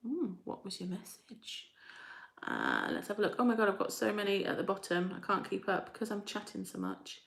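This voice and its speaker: A woman's voice: mid-range voice, wildly swooping pitch, fairly quick, creaky, a bit bright. A woman hosting a live chat, reading out viewer comments in a rambling, chatty way and laughing often. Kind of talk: casual chat. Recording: roomy echo.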